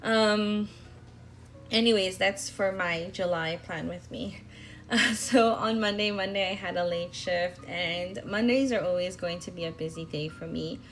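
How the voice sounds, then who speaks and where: A woman's voice: lowish voice, unhurried, a bit bright, faint music behind. A young woman talking casually in a voice-over about her planner spreads, rambling with fillers and restarts. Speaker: planner vlogger.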